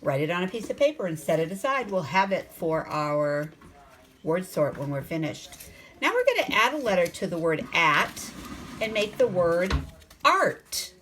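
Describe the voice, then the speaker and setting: A woman teaching a phonics lesson to young children, sounding out letters slowly and asking the class coaxing questions. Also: fairly low pitch, very animated, fairly bright tone, a little hiss or hum. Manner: slow, sounds out letters and words.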